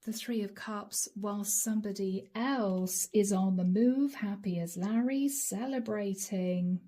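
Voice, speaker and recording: A woman's voice: mid-range voice, a little slow, mellow. A woman giving a channeled tarot reading, talking emphatically and repeating lines as she acts out imagined exchanges. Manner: dramatic, emphatic, repeats lines while acting out dialogue. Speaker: tarot reader.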